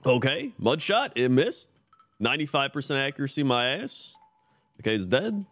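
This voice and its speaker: A man's voice: mid-range voice, very animated, normal speed, a bit bright, faint music behind. A male streamer giving laid-back, wry live commentary on his own game play.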